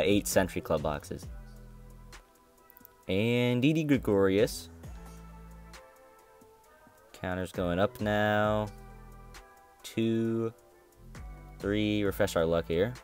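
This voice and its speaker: A young man with a fairly low voice runs through a mobile game box opening as its host, grumbling and repeating himself as his frustration builds. Faint music plays under his voice on the screen recording. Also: drawn-out words, long pauses, a little mellow. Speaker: gaming channel host.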